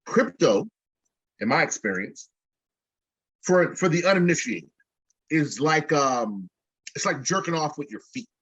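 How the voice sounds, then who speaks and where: A man's voice: fairly high pitch, fairly bright tone, husky, no echo. A rapper being interviewed, telling a long story in a loose, jokey, profane way, stumbling and restarting as he goes. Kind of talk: casual storytelling. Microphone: video call. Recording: dull lo-fi video call audio.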